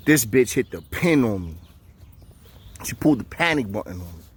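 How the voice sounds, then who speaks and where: A man's voice: on the low side, moderate pace, breathy edge. A man telling a jail story to camera in casual street slang, acting out the voices of the people in it. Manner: animated, acts out quoted voices, profane street slang. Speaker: storyteller recounting jail time.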